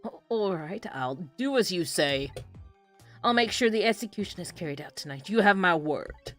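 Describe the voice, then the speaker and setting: A flustered male minister who stammers and climbs into rising panic, as a woman puts him on. The voice leaps and falls in pitch with a bright, sharp edge. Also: lively intonation, normal speed, faint music behind. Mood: anxious. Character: frightened middle-aged male government minister.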